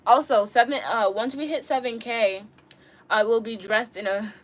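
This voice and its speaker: A young woman, bubbly and giggly, livestreams from her bedroom, chatting with viewers and answering comments while veering between loud outbursts and quiet mumbles. She speaks with a fairly high, fairly even voice at a moderate pace.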